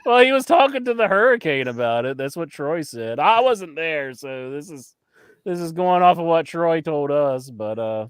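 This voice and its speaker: A man's voice: a little high, sing-song, normal speed, clear, resonant tone, no echo. A man co-hosting a wrestling podcast, ranting in casual chat with lots of swearing. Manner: profane, ranting, mimics people he mocks. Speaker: podcast co-host.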